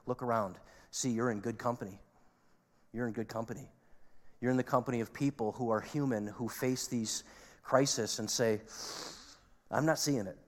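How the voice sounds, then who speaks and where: A man preaching a sermon to a congregation, earnest, with emphatic peaks and quiet asides. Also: mid-range voice, fairly even intonation, moderate pace. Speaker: pastor. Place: church sanctuary. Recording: long reverb of a large hall.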